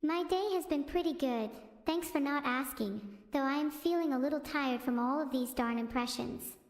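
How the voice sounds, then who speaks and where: A synthetic female voice streaming casual stand-up style chat, with flat text-to-speech delivery and self-absorbed jokes. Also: high voice, moderate pace, reverberant, long reverb tail.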